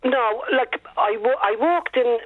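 A woman's voice: on the high side, a little slow, no room sound. An older woman with a Dublin inner-city accent, a chatty caller on a radio phone-in who laughs easily and teases. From Dublin inner city, Ireland. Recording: phone line.

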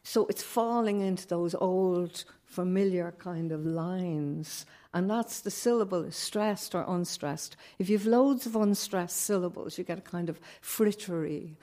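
A woman poet, not a native English speaker, talking thoughtfully on a panel with a measured, musing manner. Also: lowish voice, warm tone. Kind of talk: reflective panel discussion.

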